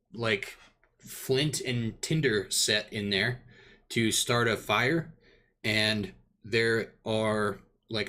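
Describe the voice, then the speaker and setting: Guy dming a tabletop game, kinda low, bright voice, lots of likes and uhs. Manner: rambling, lots of fillers. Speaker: dungeon master.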